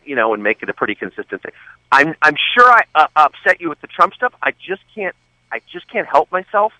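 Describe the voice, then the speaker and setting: A man guesting on a talk radio show, speaking in an animated, sardonic way and tossing in wry asides about politics. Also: a little high, brisk, no echo. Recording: dull lo-fi line, dry.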